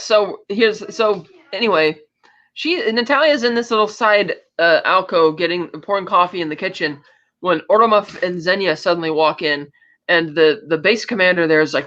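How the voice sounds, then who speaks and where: A woman co-hosting a podcast casually recaps movies, retelling scenes and acting out the characters' lines. Her voice is on the low side and a bit bright, her pace moderate, and the recording is muffled.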